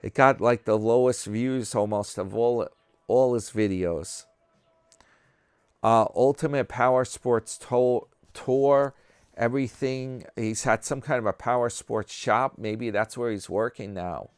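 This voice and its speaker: A man's voice: medium pitch, measured pace, smooth, no room sound. A man from New York talking casually to his subscribers, rambling and mocking himself. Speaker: vlogger host. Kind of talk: casual chat.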